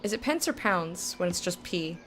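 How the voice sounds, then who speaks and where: Commenting casually over a video game, a young let's play streamer thinks out loud in a chatty way, breaking into sudden excitement. She speaks at normal speed with a lowish voice.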